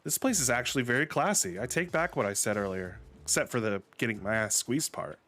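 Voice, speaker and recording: A man's voice: mid-range voice, expressive, a little fast, fairly bright tone, faint music behind, close to an everyday voice. A man voicing a wary young woman writer, guarded and dry.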